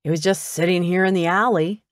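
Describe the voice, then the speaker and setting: A woman's voice: fairly low pitch, fairly even intonation, a little fast, no echo, clean studio sound, natural voice. A woman voicing a sheepish young man explaining himself apologetically. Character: sheepish young man caught taking a table.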